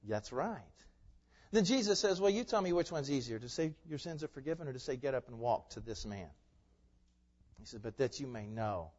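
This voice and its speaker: Man preaching in a reverberant sanctuary. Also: mid-range voice. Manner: swings from quiet asides to loud, forceful proclamation. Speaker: pastor. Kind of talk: sermon. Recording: muffled sound with long hall reverb.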